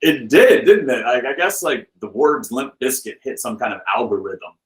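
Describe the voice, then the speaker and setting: A man's voice: medium pitch, normal speed, low-quality recording. A man, a film director and author, guesting on a podcast and telling a story in a loose, chatty way with plenty of filler words. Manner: lively anecdote-teller with loose filler words; acts out the people he quotes with shifted voices. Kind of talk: casual storytelling.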